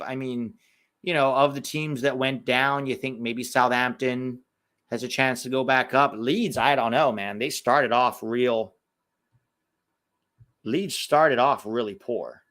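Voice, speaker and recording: A man's voice: medium pitch, a bit bright. An American man hosting a live football watch-along, chatting casually with viewers and exclaiming at every chance. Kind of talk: live casual match commentary and chat.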